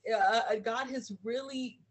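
A woman with a husky, slightly breathy voice shares her faith in casual, heartfelt podcast talk. She tells personal stories with emotion and animated earnestness. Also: a little high, a little slow.

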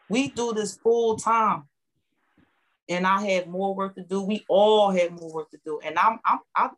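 A woman speaking, giving an emotional, heartfelt testimonial as a guest, animated and repeating herself for emphasis. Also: medium pitch, rough recording. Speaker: guest, network marketing member.

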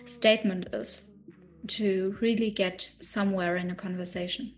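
A woman's voice: mid-range voice, steady tone, normal speed. A woman from Germany, a podcast co-host talking things through casually and laughing often.

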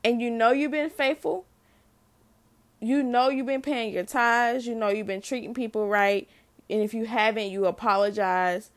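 A woman's voice: a little high, fairly even intonation, normal speed. A middle-aged mother sharing an unscripted faith testimony, speaking earnestly to listeners and often repeating and restarting her phrases.

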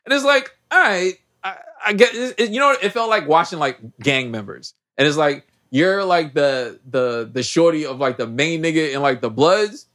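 Animated man recapping a movie. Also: on the high side, moderate pace, hardly any pauses. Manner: animated slangy storytelling, acts out characters' lines. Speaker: podcast co-host. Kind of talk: casual movie recap chat.

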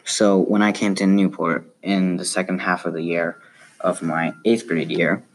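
Low-voiced man with a light Spanish accent. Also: steady tone, measured pace. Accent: light South American Spanish. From South America. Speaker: student. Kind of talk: reading a personal essay aloud.

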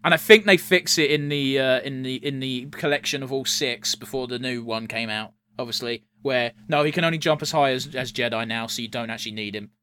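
A man's voice: mid-range voice, fairly quick, few pauses, bright, forceful tone, a little hiss or hum. A man chatting casually while watching a film, blunt and swearing freely. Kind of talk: casual chat reacting to a film.

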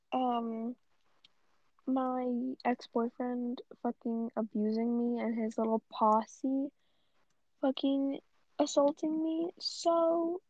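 With a high, mellow voice, a young woman vlogger delivers a casual rant that's blunt and profane, wandering through plenty of asides. The sound is dull, lo-fi, and dry, without echo.

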